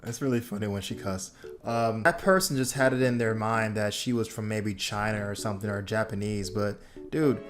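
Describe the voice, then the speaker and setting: A man's voice: lowish voice, fairly even intonation, normal speed, faint music behind. A man hosting a reaction video, giving casual commentary in a blunt, laid-back way and swearing freely.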